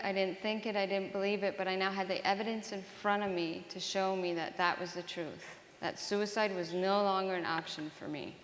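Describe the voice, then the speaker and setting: A woman's voice: medium pitch, fairly bright tone, slight background noise. Woman sharing her story, earnest, stops and restarts a lot, big echoey hall. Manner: earnest, halting, with repeated restarts. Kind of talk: personal testimony talk to an audience. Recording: roomy hall with long reverb.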